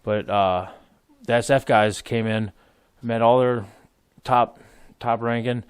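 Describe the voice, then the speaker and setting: A man's voice: medium pitch, steady tone, takes it slowly, smooth, no echo. Male podcast guest, 30s, rambling and profane, dry close sound. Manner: rambling, laughs while telling stories, swears freely. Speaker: podcast guest, military veteran. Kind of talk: casual storytelling.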